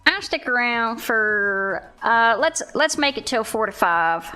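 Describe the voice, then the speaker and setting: A woman's voice: fairly high pitch, animated, slow pace, sharp tone, faint music behind. Southern woman rambling through a casual stream chat. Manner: rambling, with frequent fillers and restarts.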